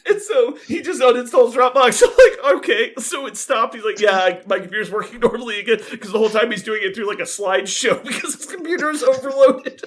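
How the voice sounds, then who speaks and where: A man's voice: extremely high pitch, fairly quick, few pauses. A man co-hosting a podcast, telling a funny story in casual chat and laughing as he acts out both sides. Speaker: podcast co-host.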